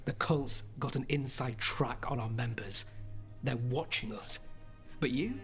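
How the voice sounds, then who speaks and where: A man's voice: mid-range voice, measured pace, fairly bright tone, natural voice. Blunt streetwise gang guy, voiced by a man, no-nonsense, faint game music behind.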